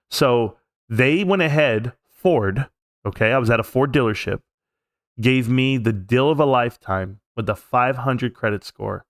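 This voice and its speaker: A middle-aged man talking close to the mic in a dry, dead room, with a voice of middling pitch. He tells a story casually and at length on a live stream, and his voice jumps higher when he gets worked up. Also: moderate pace, dry recording. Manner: animated, jumps up in pitch when reliving tense moments.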